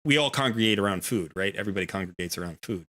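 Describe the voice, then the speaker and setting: Bright, chatty middle-aged man. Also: fairly low pitch, lively intonation, racing. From United States. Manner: rambling and chatty, many fillers and restarts. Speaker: streamer and host. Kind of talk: casual chat while gaming.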